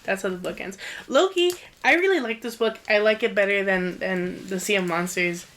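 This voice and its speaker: A woman with a mid-range voice co-hosts a casual book-discussion podcast. She recaps the story in a rapid, profane, animated way.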